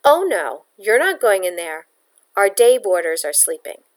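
Woman doing a loud sneering landlady. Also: mid-range voice, moderate pace, smooth, lightly acted. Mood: scornful. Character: bossy older woman landlady, scornful.

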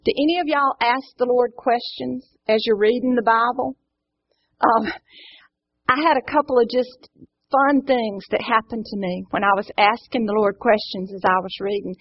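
Husky woman teaching Bible study. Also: a little high, steady tone, moderate pace, no room sound. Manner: earnest, encouraging, asks the group questions. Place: indoor room with a live group. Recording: dull lo-fi recording.

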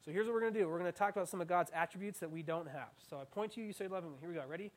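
Young male preacher, high-pitched, animated and playful, leading the crowd in call-and-response. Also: racing. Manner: animated, playful, self-mocking asides. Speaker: student preacher. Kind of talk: interactive sermon.

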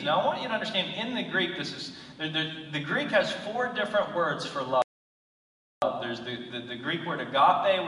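A man preaching a sermon as pastor, his bright, ringing voice swinging from loud declarations to hushed storytelling. He sounds distant from the mic, with the long echo of a large hall around him. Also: on the high side.

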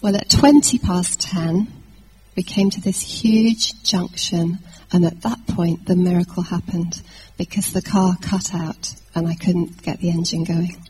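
A woman from England preaching a sermon, telling a personal story in a lively anecdotal way with fillers and restarts. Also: lowish voice, a little slow, background noise.

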